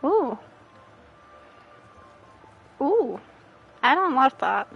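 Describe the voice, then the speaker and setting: A woman gamer reads game text aloud and banters in a casual let's play. Her voice is high and her pace slow. She is giggly and playful throughout. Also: very animated, vocal fry, dull audio, faint music behind.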